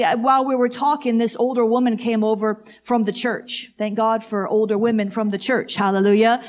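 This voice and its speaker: A woman preacher delivers a sermon with a somewhat high voice. She punctuates points with exclamations of praise and repeats lines for emphasis. When reading scripture she slows down and presses each phrase.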